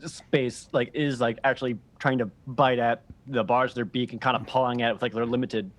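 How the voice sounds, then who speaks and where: A man's voice: mid-range voice, level tone, fairly quick, no echo. Hesitant male player. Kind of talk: playing a tabletop game.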